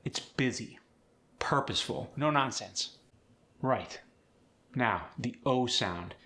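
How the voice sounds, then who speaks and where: A man teaching an accent as a coach, explaining clearly and demonstrating sounds in an instructive way. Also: medium pitch, lively intonation, slow pace, pushed and bright. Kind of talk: accent tutorial.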